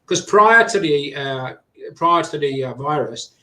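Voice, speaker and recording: Animated English man telling stories. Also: on the high side, measured pace. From England. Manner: animated storyteller who acts out quotes. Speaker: guest. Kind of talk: conversational storytelling. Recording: roomy echo.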